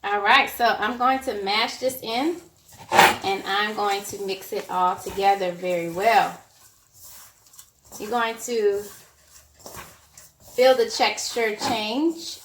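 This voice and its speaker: Slow-talking Southern woman in an echoey kitchen. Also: medium pitch, fairly even intonation, a bit bright, slight background noise. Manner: chatty, encouraging, repeats phrases. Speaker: cooking instructor. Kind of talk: casual cooking demonstration. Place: home kitchen.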